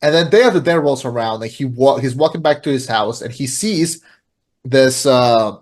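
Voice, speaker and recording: A man's voice: mid-range voice, moderate pace. Rambling man retelling a film. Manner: rambling, filler-heavy, many restarts. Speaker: podcast co-host. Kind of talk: casual chat, retelling a film plot.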